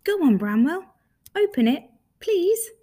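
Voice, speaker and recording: A woman voicing Rabbit, a keen toy rabbit who speaks in an eager, often breathy hush, in a storybook reading. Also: on the high side, big pitch swings, normal speed, heavily acted.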